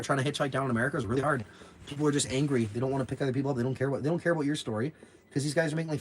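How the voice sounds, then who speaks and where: Fast-talking man telling stories. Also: mid-range voice. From Canada. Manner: rambling storytelling, acts out quotes loudly, swears freely. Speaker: livestream host. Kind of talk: casual livestream chat.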